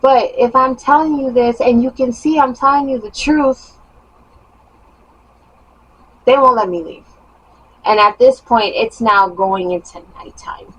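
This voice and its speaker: A young woman vlogger telling a personal story in a casual, animated monologue with emphatic rising bursts. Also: on the high side, unhurried, pauses often, breathy edge, rough recording.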